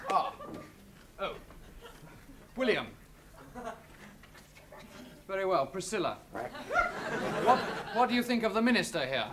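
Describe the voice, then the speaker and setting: A man's voice: high voice, very animated, slow, long pauses, over a noisy crowd, exaggerated voice. A man playing a flustered, stammering current-affairs TV presenter in a 1960s TV sketch. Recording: hissy old TV recording.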